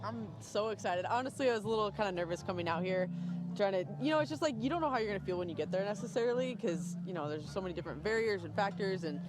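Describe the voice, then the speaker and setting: Female athlete, quick bubbly talk, interviewed outside near traffic. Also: medium pitch, over music. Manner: bubbly, fast, full of fillers. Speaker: racing athlete. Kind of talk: outdoor interview. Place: outdoors at a race venue.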